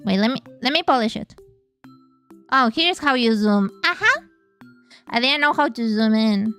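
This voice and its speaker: A woman's voice: fairly high pitch, expressive, normal speed, fairly bright tone, smooth, faint music behind. A woman streamer who speaks natively, chatting casually and playfully on a live stream, swearing freely as she goes.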